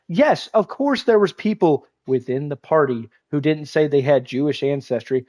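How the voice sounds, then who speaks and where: At his home game console, a young man live-streams and rants heatedly, cursing and rambling with many restarts. His fairly high, slightly mellow voice has lively intonation and a moderate pace, with hardly any pauses.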